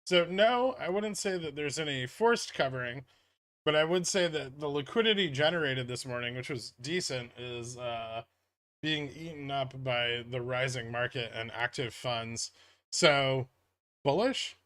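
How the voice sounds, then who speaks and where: A man hosting a casual stock-market livestream, reading viewer chat aloud and answering in a relaxed, rambling way. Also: medium pitch, unhurried, no echo.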